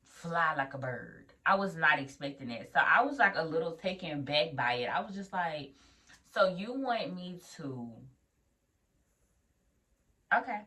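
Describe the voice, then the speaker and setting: A young woman vlogger, a new nurse, telling a story in a casual, animated way, acting out what people said and laughing often. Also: lowish voice, a little slow, long pauses, far from the mic. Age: young adult.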